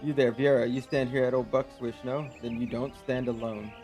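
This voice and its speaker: An actor playing a gruff, loyal older fighter who speaks in dialect in a game cutscene. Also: male voice, medium pitch, level tone, brisk, darkish tone, soft background music, close to an everyday voice. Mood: defiant.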